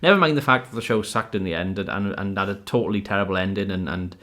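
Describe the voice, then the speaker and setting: A man's voice: low voice, fast talker, a bit bright. A man hosting a casual home podcast, rambling through his points with many fillers and frequent laughs. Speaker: podcast host. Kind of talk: casual chat. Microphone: audio-only podcast mic.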